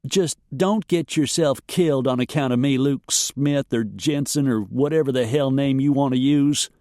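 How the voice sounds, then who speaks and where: A man's voice: medium pitch, moderate pace, warm tone, no echo, clean studio sound, voice pushed up, lightly acted. A man voicing a caring, flustered young farm woman in a western audiobook. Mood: blunt.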